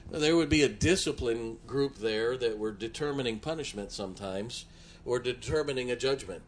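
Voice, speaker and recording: A middle-aged man preaching a sermon, telling folksy personal stories and putting rhetorical questions to the congregation. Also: mid-range voice.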